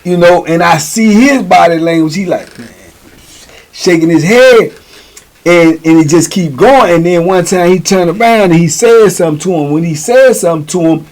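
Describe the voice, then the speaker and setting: A man's voice: high-pitched, moderate pace, darkish tone. A middle-aged man telling prison stories in a casual, slangy, repetitive way. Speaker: storyteller, show host.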